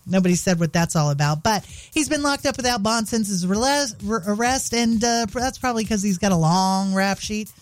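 A woman's voice: medium pitch, darkish tone. A woman hosting a radio show, telling a story in a playful, mocking way and laughing at her own jokes. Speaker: radio host. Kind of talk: casual radio chat.

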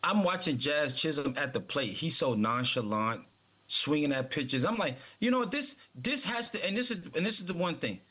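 A man's voice: a little high, expressive, normal speed, sharp tone, breathy edge. A man co-hosting a casual sports talk show, speaking emphatically and often repeating words as he starts his points.

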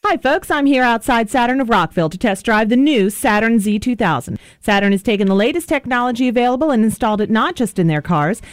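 A woman's voice: a little high, quick pace, no room sound, clean studio sound. A woman giving a comic scripted ad read in a chatty mock-reporter manner, breaking into mock outbursts. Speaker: radio ad performer. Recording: loud music bed behind voice.

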